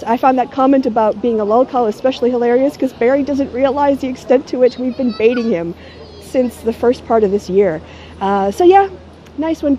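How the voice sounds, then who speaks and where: A bit of hiss or hum runs under this middle-aged woman's somewhat high, dark-toned voice. As a YouTuber holding her camera at arm's length, she delivers a casual talking-head vlog in a sardonic, mocking manner.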